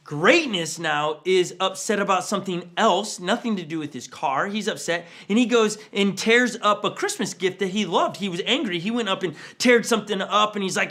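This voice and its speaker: A man's voice: high voice, normal speed, sharp tone. A man in his forties, a pastor, telling stories in a conversational online sermon and acting out family quotes with big jumps in voice. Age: 40s. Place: church livestream.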